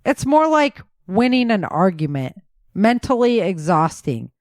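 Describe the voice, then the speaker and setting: A woman's voice: medium pitch, very animated, measured pace, a little mellow, no echo, studio quality. A woman voicing a large, teasing male soldier who jokes and flirts with his friends. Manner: playful teasing.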